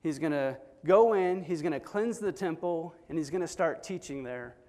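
A man's voice: a little high, moderate pace, dark tone, in a large hall. A man preaching a sermon in an earnest, storytelling manner, acting out quoted voices as he goes.

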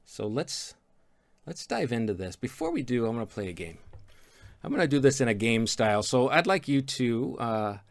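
A male pastor preaching a sermon with a lively, animated delivery and playful asides. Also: medium pitch, normal speed.

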